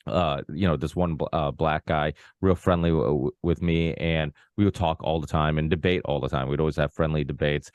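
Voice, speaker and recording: A man's voice: rumbling low, fairly even intonation, a little fast, few pauses, a little mellow, no echo, muffled recording. A man hosting a podcast, talking in a rambling, casual way with many restarts and asides. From Portuguese background. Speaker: podcast host. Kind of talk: casual conversation.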